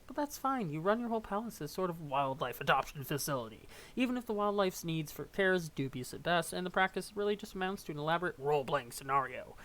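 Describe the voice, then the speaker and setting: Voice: medium pitch, fairly bright tone. A young adult casually reading a webcomic aloud, tripping over words and adding joking asides. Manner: reads with stumbles, asides and laughs. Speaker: webcomic reader.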